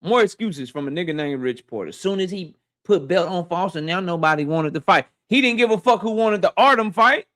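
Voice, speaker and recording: A man's voice: high-pitched, expressive, fairly quick, few pauses, a bit bright. A man hosting a live boxing talk stream, ranting at his chat in a heated, profane, mocking way. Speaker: boxing talk show host.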